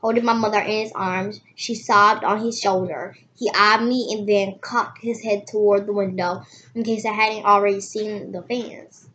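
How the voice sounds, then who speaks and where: A woman hosting a casual read-aloud, reading haltingly with restarts and dropping into soft asides. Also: medium pitch, steady tone, a little hiss or hum. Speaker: host reading a book aloud.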